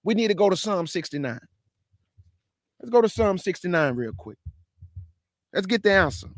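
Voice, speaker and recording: A man's voice: sits high, sing-song, moderate pace. A man who hosts a show and teaches scripture informally, with slangy talk and many rhetorical questions. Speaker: host and Bible teacher.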